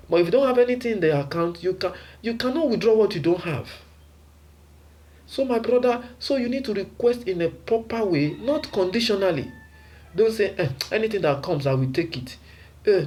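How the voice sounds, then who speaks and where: A man's voice: sits high, a little mellow. A man preaching a sermon emphatically, with rhetorical questions and repeated phrases.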